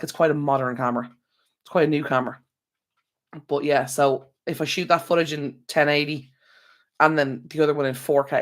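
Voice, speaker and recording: A man's voice: mid-range voice, a bit bright. A man with an Irish accent hosting a casual live stream from home, tired and yawning, rambling and talking straight to his viewers through an external microphone. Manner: rambling, chatty, talks to viewers directly. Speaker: channel host.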